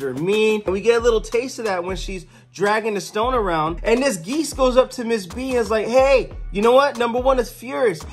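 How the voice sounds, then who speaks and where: Casual comic reviewer retelling a story. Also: medium pitch. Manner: loose, conversational retelling with restarts. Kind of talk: casual comic book recap with quoted character voices.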